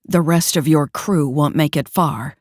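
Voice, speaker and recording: A man's voice: fairly high pitch, measured pace, no echo, studio quality, natural voice. A woman reading an audiobook, voicing a cruel male dictator who speaks in a smug, taunting way. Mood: smug menace.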